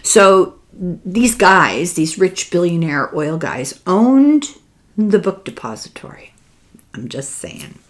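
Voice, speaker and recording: An older Irish woman with a fairly low voice hosts a podcast, slowly retelling a book in casual chat. Her storytelling is animated, wry and conspiratorial.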